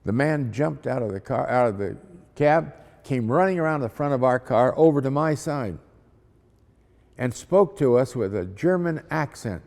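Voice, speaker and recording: Man, missionary, folksy dramatic storyteller, average pitch, long reverb. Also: animated, normal speed, a little mellow. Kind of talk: storytelling testimony.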